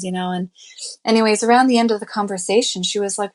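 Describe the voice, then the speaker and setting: A woman guest on an interview show tells her life story candidly and earnestly, full of "you know" and "I mean." Her medium-pitched voice is steady and darkish, and she talks fast, getting emotional as she relives events.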